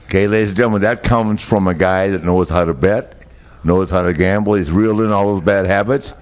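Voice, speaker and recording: A man's voice: deep voice, fairly quick. An older man co-hosting a podcast, teasing and boisterous with announcer-like flourishes. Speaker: podcast co-host. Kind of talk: casual chat.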